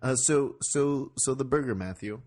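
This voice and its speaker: Husky-voiced man, dry joking podcast co-host. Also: mid-range voice, normal speed, a little mellow. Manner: dry, mock-blunt joking. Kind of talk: casual comedic chat.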